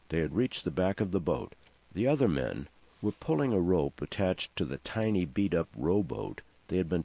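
A low-voiced man narrates an audiobook, letting his pitch rise and fall freely. The recording is dry and somewhat muffled. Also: no room sound. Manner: expressive storytelling.

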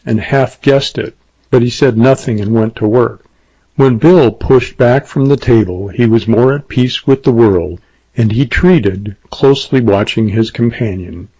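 A man narrating a western novel in a measured storytelling manner. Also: mid-range voice, warm tone. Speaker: audiobook narrator. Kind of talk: scripted narration. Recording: dull lo-fi dry recording.

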